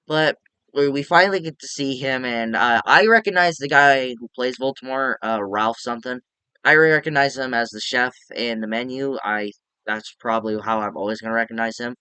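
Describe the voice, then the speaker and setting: A man giving a rambling, profane, animated casual movie review. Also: mid-range voice, normal speed, clean tone, no room sound.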